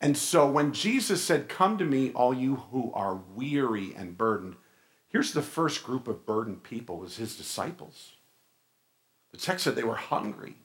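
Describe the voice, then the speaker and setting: A male pastor preaching a sermon in a church, animated and asking his congregation questions. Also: fairly high pitch. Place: church sanctuary.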